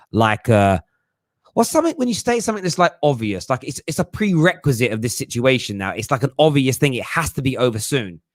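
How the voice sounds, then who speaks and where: A man's voice: medium pitch, no echo, clean studio sound. A young man hosting a casual live chat, jokey and slangy, laughing often. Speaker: livestream host.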